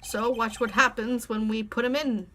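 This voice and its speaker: A woman's voice: a little high, steady tone, normal speed, sharp tone, slight background noise. A woman voicing a nervous young male defense lawyer, reading game dialogue aloud with hesitant, stumbling lines. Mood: unsure.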